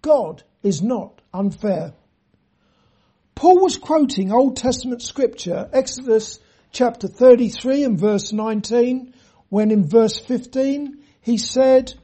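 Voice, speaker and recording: Preacher, sermon, slow and measured, mellow husky voice, earnest scripture reading. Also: mid-range voice. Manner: addresses listeners directly.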